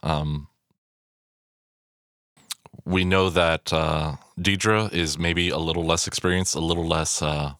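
Deep and low but fairly bright in tone, a male film commentator breaks down a movie in a loose, rambling way, cursing freely and tripping over fillers and restarts. He keeps a steady tone, talks slowly and pauses often. The audio is close and dry, without echo or room sound.

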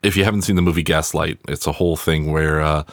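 A man's voice: a bass voice, fairly even intonation, fast talker, no room sound, studio quality. A man hosting a podcast alone, reviewing a movie in a casual, profane, wry way, full of rambling asides. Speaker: podcast host.

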